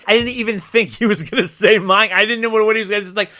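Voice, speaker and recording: A man in his fifties with a bright, forceful, somewhat high voice. He tells stories animatedly in a casual podcast chat, jumping into the voices of the people he quotes. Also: quick pace, hardly any pauses. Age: 50s. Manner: animated storyteller, acts out quotes. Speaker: podcast co-host.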